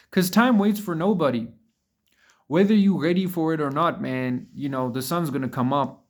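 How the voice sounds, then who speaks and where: Man, mid-pitched, casual motivational vlogger; blunt, profane, repetitive, talks to viewer as bro.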